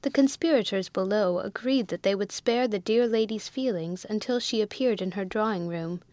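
Woman, audiobook narrator, classic novel, measured, mid pitch, dry close recording. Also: darkish tone, dry recording.

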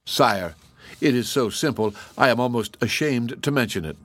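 A man's voice: mid-range voice, moderate pace, fairly bright tone, no room sound, close to an everyday voice. A man voicing a modest young hunter brother in a storybook reading, speaking matter-of-factly.

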